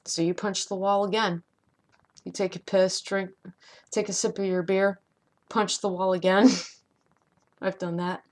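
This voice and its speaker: A woman's voice: medium pitch, level tone, a little slow, pauses often. A woman giving an impassioned motivational monologue, profane and emphatic, repeating lines for effect. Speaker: vlogger.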